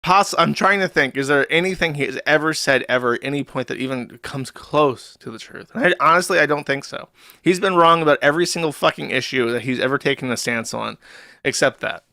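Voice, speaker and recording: Man, livestream host, sarcastic mocking commentary, forceful bright tone, dry close mic. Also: on the high side, a little fast, creaky, no room sound. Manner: mocking, sardonic, swears freely.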